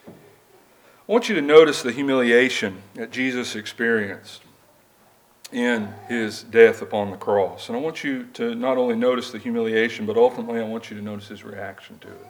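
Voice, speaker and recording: A man's voice: mid-range voice, a little fast, slight background noise. A man preaching a sermon in a church, reading scripture and asking the congregation rhetorical questions in an earnest, conversational way. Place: church building.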